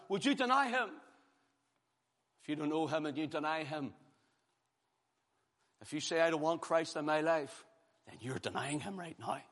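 A man's voice: fairly high pitch, expressive, moderate pace, long pauses, fairly bright tone. Emphatic preacher man in a reverberant hall. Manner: emphatic, repeating phrases with rising force. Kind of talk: sermon.

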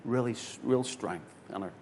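A man, a pastor telling a story in a sermon, swinging from loud, excited bursts to hushed tones. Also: normal speed. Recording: hall reverb with faint rumble.

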